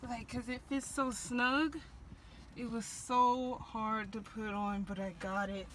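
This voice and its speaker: A woman's voice: a little high, level tone, slow, fairly bright tone, slight background noise. A young adult woman vlogging in a bubbly, chatty way, full of "like" and "y'all" as she talks to viewers. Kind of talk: casual vlog chat. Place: in and around a car, out and about shopping.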